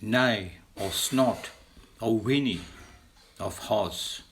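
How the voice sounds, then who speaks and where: A man teaching vocabulary, slowly and deliberately listing words for animal sounds, lifting his voice on the sound words. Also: a bit bright, a little hiss or hum. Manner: slow, deliberate listing, lifts pitch to mimic sounds. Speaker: language teacher. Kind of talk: slow vocabulary lesson.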